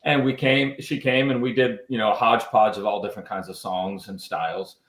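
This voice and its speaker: Animated male musician telling stories. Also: fairly low pitch, brisk, roomy sound, low-quality recording. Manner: animated storyteller, lively quoted voices. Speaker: musician guest. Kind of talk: storytelling in interview.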